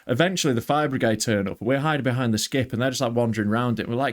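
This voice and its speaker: A man's voice: medium pitch, very fast, few pauses. A man co-hosting a comedy podcast, telling a story in casual chat and acting out other people's lines as he goes.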